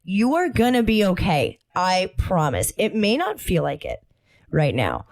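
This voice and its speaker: A woman's voice: fairly low pitch, big pitch swings, measured pace. A young adult woman co-hosting a podcast in casual chat, giggly and rambling, often laughing mid-sentence. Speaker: podcast co-host.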